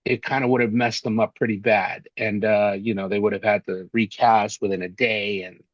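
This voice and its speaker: Animated man telling showbiz stories. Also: on the low side, moderate pace, no echo, muffled recording. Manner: animated anecdotes, acts out quoted voices. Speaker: actor and interview guest. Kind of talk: casual storytelling interview.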